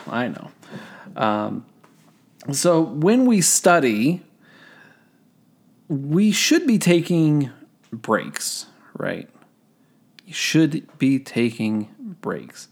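A man's voice: on the low side, vocal fry. A young man hosting a casual study-tips podcast, rambling and self-deprecating, full of fillers and restarts. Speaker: podcast host.

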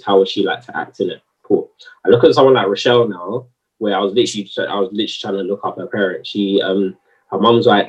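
Husky man arguing his point. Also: on the low side, distant mic, lo-fi sound. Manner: animated, slangy, argumentative. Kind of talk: heated casual discussion.

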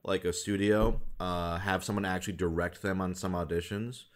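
A man, a voice actor, chatting casually in a relaxed, thoughtful way, hesitating and restarting, with wry laughs. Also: low voice, normal speed. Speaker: voice actor, podcast co-host. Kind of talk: casual chat.

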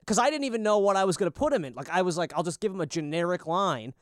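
A man's voice: high voice, animated, rapid-fire, no echo, studio quality. A man co-hosting a podcast in casual chat, rambling and swearing often as he tells stories. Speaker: podcast co-host. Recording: lo-fi podcast audio.

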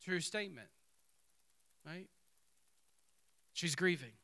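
A man preaching a sermon, reading scripture aloud and commenting on it in an animated way that acts out the people in the story. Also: on the high side, normal speed. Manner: animated, acts out the speakers in the text.

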